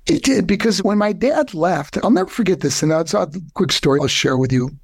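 Gravelly earnest man telling a story. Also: expressive, a little fast, dry recording. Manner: earnest, voice rising high when moved. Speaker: guest. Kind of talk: emotional personal storytelling.

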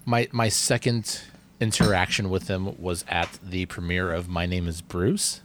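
A man in casual chat, recalling a story in a relaxed way with "um" and "you know" fillers. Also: low voice, unhurried, slight background noise.

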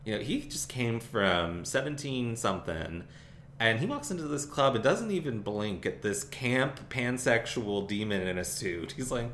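A man's voice: mid-range voice, lively intonation, moderate pace, a bit bright, reverberant, a little hiss or hum. A man co-hosting a podcast, chatting casually and animatedly and laughing often. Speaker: podcast co-host. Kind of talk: casual chat.

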